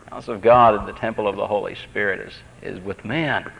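A man's voice: on the low side, steady tone, a little fast, gravelly, fairly bright tone, slight background noise. A man giving a sermon as pastor, earnest and conversational, repeating phrases as he tells stories. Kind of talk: sermon with personal storytelling. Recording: dull lo-fi tape recording.

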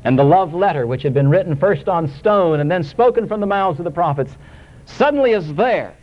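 A man preaching a sermon, swinging between soaring emphasis and hushed, low scripture quotations. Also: animated, a little fast. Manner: dramatic rises and drops, quoting scripture in a hushed low voice. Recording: dull lo-fi recording.

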